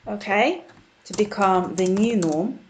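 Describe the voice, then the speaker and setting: A British teacher speaks slowly in a medium-pitched, darkish voice, with slight background noise. Chatty and warm, she types notes during her online English grammar lesson and repeatedly checks in with "okay?" and "guys".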